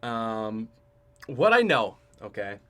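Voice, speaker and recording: A young man in his twenties hosting a podcast, telling a rambling, joking story about himself with lots of restarts and sudden swings between loud and soft. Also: on the low side, sing-song, slow, smooth. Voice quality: chatty, joking, self-mocking. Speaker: podcast host.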